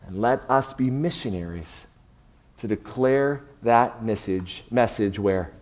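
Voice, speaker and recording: Slow, emphatic preaching man. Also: mid-range voice. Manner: emphatic preaching, swinging between soft and loud. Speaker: pastor. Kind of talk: sermon.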